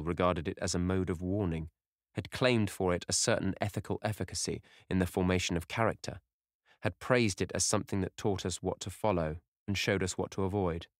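A deep-voiced man narrates a scripted audiobook, recorded in clean studio sound with no room ambience.

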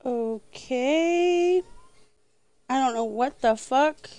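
A high-voiced middle-aged woman chats through a gaming livestream, talking in an unhurried drawl. She swears freely and sings along to bits of songs. The sound is close and dry, with no room around it. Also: darkish tone, no echo. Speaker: streamer. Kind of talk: casual gaming livestream chat.

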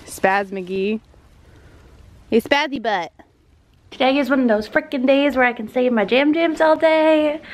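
A young woman vlogging casually at home, bubbly, often switching to high baby talk with her dogs. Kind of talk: casual vlog chat. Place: home, indoors and out in the snow.

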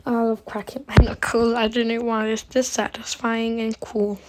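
A woman's voice: fairly high pitch, flat delivery, moderate pace, background noise. A woman casually commenting on her gameplay, chatty and dramatic, talking straight to her viewers. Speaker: gaming channel host.

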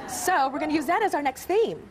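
A woman hosting a talk show, playfully teasing her guest and laughing often in front of a studio audience. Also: high voice. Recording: studio audience and background noise.

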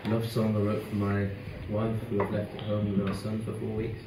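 A man's voice: fairly low pitch, completely flat delivery, moderate pace, noisy background. A singer-songwriter chatting and joking easily with his audience between songs at a live club gig. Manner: easygoing, joking banter with the audience. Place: live music club, on stage before an audience. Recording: roomy live club sound, distant mic, loud guitar.

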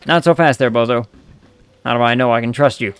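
A man's voice: medium pitch, fairly quick, fairly bright tone, smooth, close to an everyday voice. Man doing a brash huckster raccoon. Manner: brash, wheeling-dealing huckster. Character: scrappy fast-talking male raccoon junk dealer.

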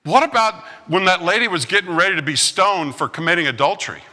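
A man's voice: sits high, lively intonation, fast talker, bright, forceful tone. A man preaching a humorous sermon as pastor, a joking storyteller full of puns, in a church sanctuary. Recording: long reverb of a church hall.

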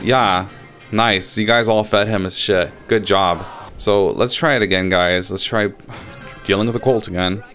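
Young man swearing through gameplay. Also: deep voice. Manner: swears freely, gets loudly frustrated. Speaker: gaming channel host. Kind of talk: casual gameplay commentary.

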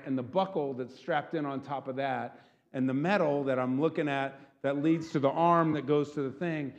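A man preaching as pastor, animated, often checking in with the congregation with a quick "right?". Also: on the high side, in a large hall. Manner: animated, keeps asking "right?". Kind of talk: sermon.

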